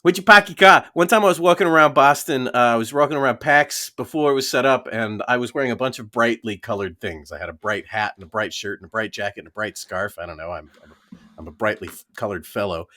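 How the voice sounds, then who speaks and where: A man's voice: medium pitch, quick pace, fairly bright tone. A man who is a voice actor and a podcast guest, telling playful anecdotes and hesitating with fillers while he thinks. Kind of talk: casual podcast chat and anecdotes.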